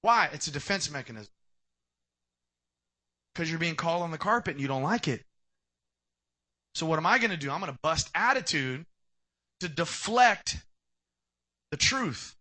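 A man delivers a lively sermon in a bright, forceful voice that sits a little high. He talks to the congregation directly and acts out little bits of dialogue, jumping from loud bursts to hushed asides. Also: moderate pace, pauses often. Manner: animated, acts out dialogue, swings from shouting to quiet. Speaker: preacher.

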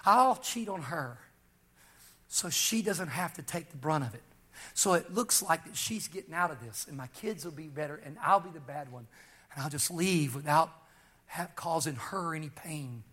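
A pastor preaching, telling a personal story and pressing key lines with slow, emphatic rises. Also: male voice, a little high, a bit bright. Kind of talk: sermon testimony.

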